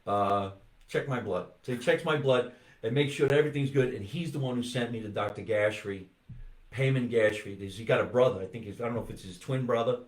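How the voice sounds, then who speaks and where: An older man chatting on his comedy podcast. He tells animated stories and swears freely. His mid-range voice carries a roomy echo. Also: mid-range voice, a little fast. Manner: animated storyteller, swears, does voices in anecdotes. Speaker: podcast host. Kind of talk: casual comedy chat.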